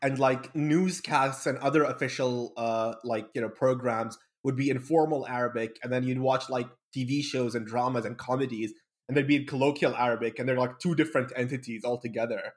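A young man from Bahrain, guesting on a podcast, chats casually and rambles with plenty of fillers and restarts. His mid-range voice is brisk with fairly even intonation.

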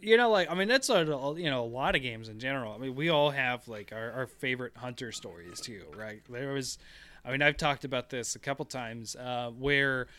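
A man's voice: medium pitch, lively intonation, a little fast, bright, forceful tone. A man chatting casually on a gaming podcast, rambling through stories with lots of fillers and restarts. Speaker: podcast co-host.

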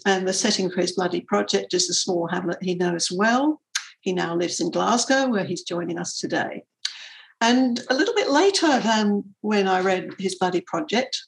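A woman's voice: mid-range voice, vocal fry, low-quality recording. A woman interviewer giving an enthusiastic, prepared introduction of a guest author. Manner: enthusiastic, warmly admiring.

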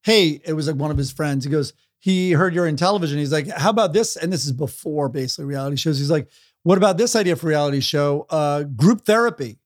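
Man with a slightly higher voice, laughing guest. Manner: laughs often, quick to react. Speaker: comedian guest. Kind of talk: casual chat.

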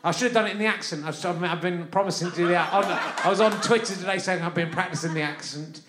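A man's voice: sits high, fast, hardly any pauses, a crowd in the background. A man from London, hosting a live comic podcast, rambling and chatty and often laughing through his lines. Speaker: podcast host. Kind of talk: live comic monologue to an audience. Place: live festival venue. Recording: roomy live venue sound.

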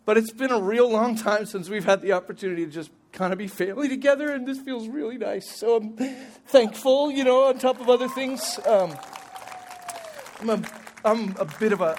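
A man's voice: high voice, moderate pace, darkish tone, slight background noise. A man in his forties preaching a sermon as pastor, in a conversational, humorous way with frequent restarts. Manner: conversational, humorous, self-correcting.

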